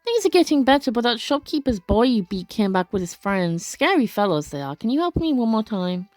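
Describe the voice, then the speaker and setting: A woman's voice: fairly high pitch, big pitch swings, a little fast, darkish tone, dry recording. A woman voicing a worried young boy in a game playthrough, earnestly pleading for help.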